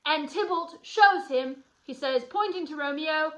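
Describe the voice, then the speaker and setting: A woman with a high, bright voice gives a guided study lesson. She explains the scene in a chatty, playful way and keeps turning to her students with asides. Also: measured pace, poor audio. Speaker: teacher.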